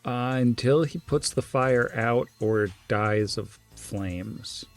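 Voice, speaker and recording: A man's voice: mid-range voice, slow, faint music behind. A man running a tabletop game as game master, with wry, casual narration.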